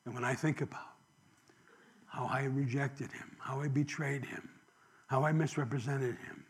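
A man in his sixties preaching a sermon, firing rhetorical questions and swinging from loud emphasis to emotional near-whispers. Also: mid-range voice, normal speed. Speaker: pastor.

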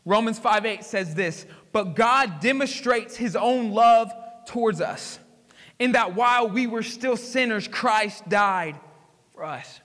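High bright preacher in a big hall. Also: male voice, takes it slowly. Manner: dramatic storytelling, swinging from hushed to emphatic. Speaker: pastor. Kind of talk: sermon. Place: church sanctuary.

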